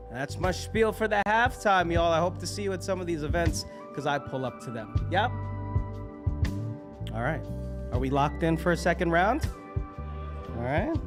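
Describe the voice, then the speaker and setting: A man hosting a poetry open mic, making casual, hyped announcements to the room. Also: mid-range voice. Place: live poetry venue. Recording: music playing behind the voice.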